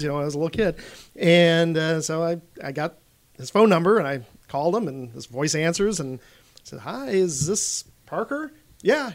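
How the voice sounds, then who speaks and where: A man, a convention staff guest, telling a story in an unhurried way on a podcast. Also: fairly high pitch. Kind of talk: casual podcast chat.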